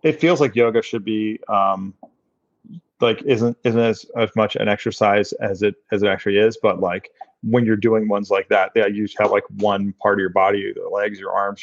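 A man's voice: lowish voice, no echo. A man co-hosting a casual fitness podcast who rambles through his stories and laughs at them. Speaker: podcast co-host. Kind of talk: casual chat. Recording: dry, dull lo-fi sound.

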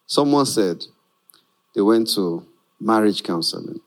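A man preaching a sermon in an animated way, often laughing and acting out the people in his stories. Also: lowish voice, slow pace.

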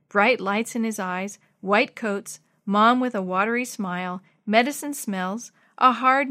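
A woman's voice: medium pitch, a bit bright. A woman reading a children's chapter book aloud in a scripted narration, lifting her voice for the dialogue. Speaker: storybook reader.

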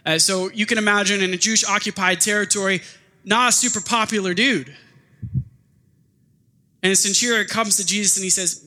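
A man's voice: high-pitched, brisk, pauses often. A man preaching a sermon in a casual, conversational way, often acting out what people say. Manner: conversational, animated preaching with acted-out quotes. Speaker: pastor. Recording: long hall reverb.

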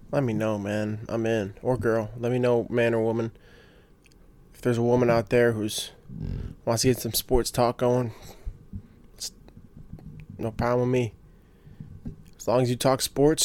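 Young man, casual solo podcaster, rambling, fired-up delivery, dry close mic, mid pitch. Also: darkish tone, no echo. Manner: rambling, gets fired up, lots of restarts and fillers. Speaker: podcast host.

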